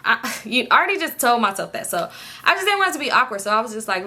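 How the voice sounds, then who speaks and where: A young woman telling a personal story in casual chat, animated, acting out what people said and laughing often. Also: racing. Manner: animated, acts out quotes with pitch jumps, laughs often. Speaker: storytime vlogger.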